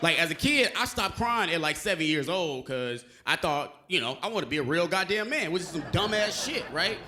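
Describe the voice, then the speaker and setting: Animated young man doing stand-up. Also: normal speed. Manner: animated, shouts and sings punchlines, high squeaky acted quotes. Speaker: stand-up comedian. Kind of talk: stand-up comedy set.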